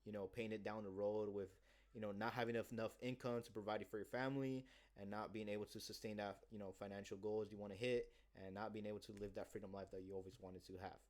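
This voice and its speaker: A man in a casual vlog monologue, rambling cockily and with profanity as he acts out a sales pitch. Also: steady tone, quick pace, darkish tone. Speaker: sales job seeker.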